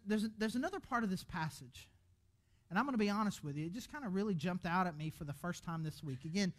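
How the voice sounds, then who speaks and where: A man preaching a sermon as pastor in a church, animated and conversational, restarting his words often. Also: high-pitched. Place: church auditorium.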